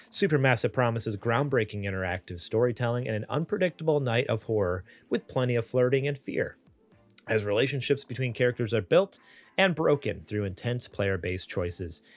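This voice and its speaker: A man's voice: mid-range voice, dry recording. Man reading gaming news on a podcast. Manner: laughs often, reads news items aloud. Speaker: podcast host.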